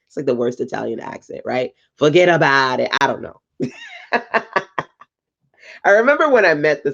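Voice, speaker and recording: This North Carolina woman, host of a business livestream, has a very deep, creaky, husky voice, captured with lo-fi sound. Chatty and motivational, she laughs and quizzes the entrepreneurs watching.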